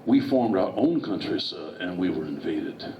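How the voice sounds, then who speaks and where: A man playing a proud, defiant Southern museum guide, with a Southern accent and a lowered, drawling delivery. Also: expressive, moderate pace, background noise. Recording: distant, roomy, dull hall recording.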